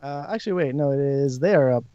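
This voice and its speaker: A man narrating as dungeon master in a tabletop game, lively and quick to laugh, now and then jumping into shouted character voices. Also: medium pitch, clean tone, dry recording, lo-fi sound.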